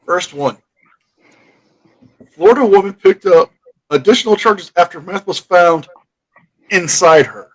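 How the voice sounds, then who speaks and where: A man's voice: high voice, measured pace, pauses often, low-quality recording. A man hosting a casual chat, reading out news headlines playfully. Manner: playful, reads headlines aloud. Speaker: host.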